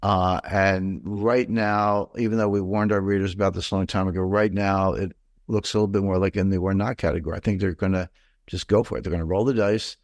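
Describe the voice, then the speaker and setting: A man's voice: deep voice, fairly even intonation, fairly quick, a little mellow, no echo. An older man, a financial commentator, giving blunt, opinionated and rambling answers in an interview.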